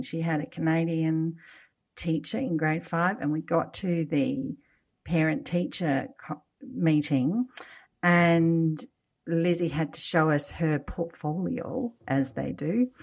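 A woman's voice: lowish voice, low-quality recording. A middle-aged woman telling family stories in a casual chat, laughing often as she talks. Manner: chatty storyteller, laughs often.

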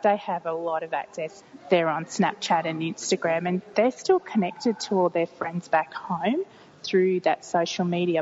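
A woman's voice: fairly low pitch, a little mellow. A woman in her forties, a mother talking frankly and rambling as she corrects herself in a casual conversation. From Australia. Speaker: interviewee, mother of three. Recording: muffled, reverberant, faint hiss.

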